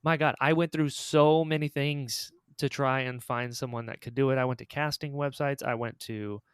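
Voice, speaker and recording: A man, the creator of an audio drama, chatting on a podcast in an excitable, storytelling way. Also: medium pitch, moderate pace, clean tone, no room sound, clean studio sound. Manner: excitable storyteller, acts out quoted lines. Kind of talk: casual podcast chat.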